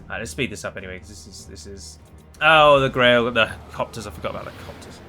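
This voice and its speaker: A man's voice: lowish voice, fast, bright, forceful tone, faint music behind. A man giving casual live gameplay commentary, chatty and wry, talking to his units as he plays. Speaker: gaming video creator.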